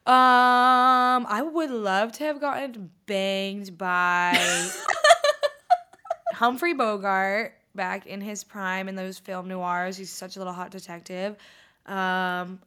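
Bright-voiced young woman, profane podcast banter. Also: mid-range voice, clear, resonant tone. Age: young adult. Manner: profane, dramatic, quick to joke. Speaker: podcast co-host. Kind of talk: casual chat.

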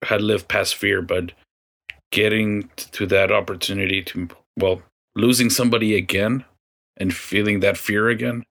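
A man chatting casually about a movie, relaxed and thoughtful, quoting lines. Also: fairly low pitch, normal speed.

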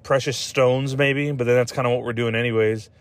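A podcast host with a medium-pitched, fairly even voice talks fairly quickly on a dry recording. His chat is casual and rambling, loose and profane, packed with "like" and "dude," full of trailing restarts, and he laughs at his own jokes.

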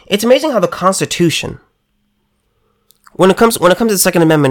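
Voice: medium pitch, animated, fast. A political commentator delivering a heated monologue, emphatic and sarcastic, often stumbling and restarting words.

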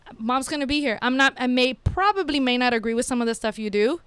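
A woman in her thirties with a notably high, smooth and crisp voice speaks earnestly about raising her kids. She talks with emphatic conviction, slipping in Spanish phrases. The sound is close and dry, with no room echo. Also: fast talker. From Mexico-linked, schooled partly in Mexico. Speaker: mother of young children, co-host. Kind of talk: casual chat.

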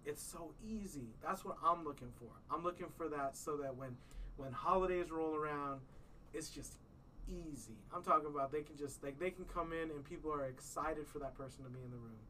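Brief: thirties male podcast host, bright rambling delivery, a bit off-mic with faint hiss. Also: on the high side, brisk, far from the mic, poor audio. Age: 30s. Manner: rambling, restarts often, tells stories. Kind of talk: casual chat.

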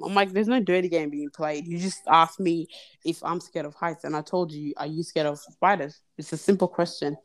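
A young woman telling a long story in casual podcast chat, acting out the other people's lines. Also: fairly low pitch. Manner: animated, acts out quoted voices. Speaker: podcast guest. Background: children in the background.

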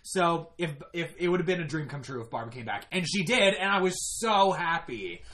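A man's voice: on the high side, lively intonation, moderate pace, a bit bright, slight background noise. A young man casually recapping a game season he played in, retelling events in a rambling, self-correcting way.

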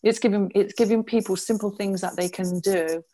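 A woman's voice: mid-range voice, steady tone, normal speed, mellow. A woman in a casual conversation, talking as a spiritual healer, earnest and explaining with frequent restarts.

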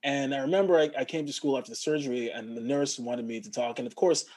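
A man from Montreal, an actor and guest in a casual interview, telling stories in an animated way and mimicking other people's voices. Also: mid-range voice, fast, slight background noise. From Montreal, Canada.

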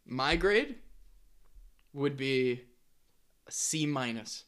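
A man's voice: mid-range voice, lively intonation, very slow, fairly bright tone. A young man co-hosting a casual sports podcast, rambling and opinionated, often restarting his sentences. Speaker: podcast co-host.

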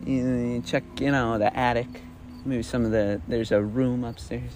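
A man's voice: medium pitch, moderate pace, a little mellow. Rambling man improvising a story. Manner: rambling, self-correcting, swears casually. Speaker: podcast host.

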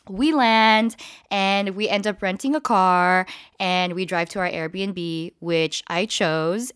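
A woman's voice: lowish voice, clear, resonant tone, no echo, studio quality. A woman vlogger telling a casual storytime to her viewers, chatty and full of swearing. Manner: chatty, profane, animated retelling.

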